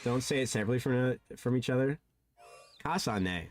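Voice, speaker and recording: A man streaming a game, chatting casually and sounding animated and flustered, his voice jumping high and dropping low. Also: very fast, faint music behind. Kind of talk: casual live-stream chat.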